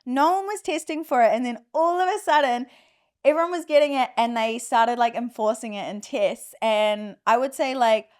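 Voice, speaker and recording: A woman's voice: fairly high pitch, moderate pace, a little mellow, clear, resonant tone. A young woman with an Australian accent, chatting frankly as a podcast guest, with many fillers. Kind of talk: casual chat.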